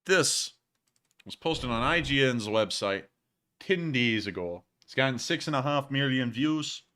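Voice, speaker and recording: Reading through viewer messages on his livestream, a young man in his twenties jokes around and laughs a lot, often saying "oh, man, I'm telling you." His mid-range voice is animated, pushed and bright, yet his pace stays unhurried in the casual chat.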